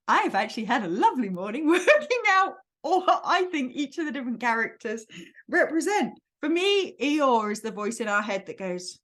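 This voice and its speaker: A woman talks solo as a coach, her voice sitting fairly high. Her delivery is lively and expressive, and her pitch moves all over the place as she explains. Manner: animated, expressive, friendly explaining. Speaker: academic life coach host. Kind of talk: solo podcast talk.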